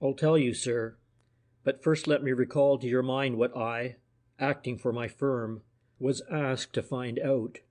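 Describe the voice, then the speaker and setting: A man voicing a furtive, civil private detective in an audiobook, with a deferential, insinuating manner and a medium-pitched voice. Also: steady tone, a little slow, darkish tone, natural voice.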